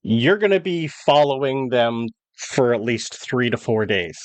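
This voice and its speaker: A man running a tabletop role-playing game, describing the scene in a casual, relaxed way with fillers. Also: mid-range voice, unhurried, dry recording. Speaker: game master.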